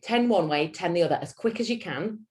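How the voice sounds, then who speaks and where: At a lunch-and-learn, a public speaking coach with a Yorkshire accent talks in a lowish voice at a slightly brisk pace. She performs with theatrical energy, her intonation bouncing high and low.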